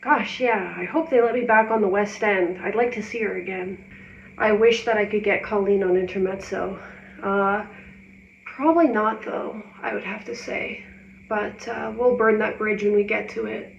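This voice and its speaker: A woman with a creaky voice, a stage performer chatting reflectively in an easygoing way. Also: medium pitch, fairly even intonation, normal speed. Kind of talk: casual interview chat. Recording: dull, echoey and noisy.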